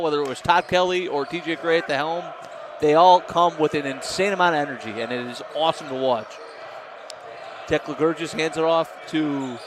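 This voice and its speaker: Male play-by-play announcer, slightly high voice, excitable calls, noisy broadcast. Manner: quick, excitable calls that rise on big plays. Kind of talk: live basketball play-by-play.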